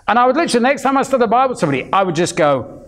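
A man in his fifties preaches a sermon with a very high, sing-song voice that races along. He tells stories chattily, acting out the voices of the people in them and often restarting his sentences.

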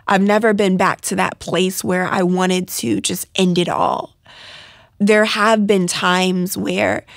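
A woman's voice: medium pitch, creaky, no room sound, clean studio sound. Earnest young woman sharing her testimony. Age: 20s. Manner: earnest, heartfelt storytelling. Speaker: testimony speaker. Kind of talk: personal faith testimony.

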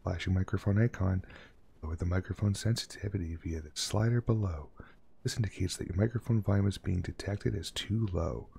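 A man streaming a horror game, joking with chat and reading on-screen instructions aloud, often dropping to a hush. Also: low voice, a little fast, vocal fry, husky. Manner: jokey, reads on-screen text aloud, drops to a hush. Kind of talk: casual gameplay commentary.

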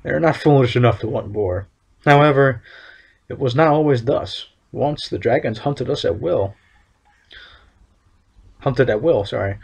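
A man voicing a stern male town overseer in a fantasy game, reading his lines in a formal, measured way. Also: medium pitch, creaky, slightly rough.

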